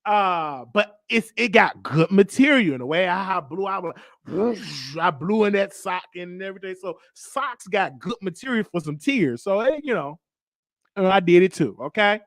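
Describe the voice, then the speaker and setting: A man hosting a show, telling a comic story in a lively, joking monologue. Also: moderate pace, no room sound, clean studio sound. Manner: animated storytelling, jumping into high voices for others. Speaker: host. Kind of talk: comedic monologue.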